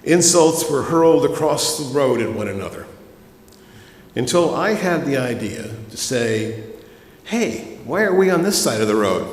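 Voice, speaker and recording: Man, minister, conversational sermon, storytelling, echoey church hall, faint background hum. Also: mid-range voice. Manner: conversational, addresses the congregation directly. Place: church sanctuary.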